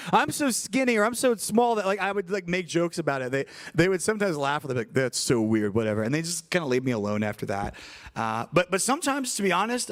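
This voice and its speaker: A young man, preaching to middle schoolers in an animated storytelling way. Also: on the high side. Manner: animated storytelling, acts out voices in anecdotes. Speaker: youth pastor.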